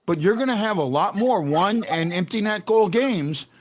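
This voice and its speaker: A man's voice: high voice, lively intonation, moderate pace. A man hosting a casual postgame sports talk show, often restarting his sentences and stressing his points hard. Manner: stammering restarts, emphatic when arguing a point.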